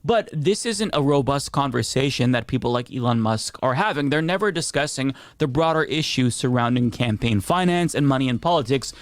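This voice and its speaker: Guy doing steady political commentary, arguing his point, dry close sound. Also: medium pitch, dry recording. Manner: measured, argumentative. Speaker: political commentator in a played video.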